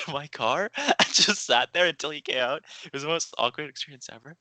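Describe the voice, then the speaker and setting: A man's voice: fairly high pitch, animated, a little fast, few pauses, sharp tone, dry recording, poor audio. A young man hosting a podcast, telling rambling, laughing stories in casual chat. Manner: rambling storyteller with restarts and laughs. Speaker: podcast host.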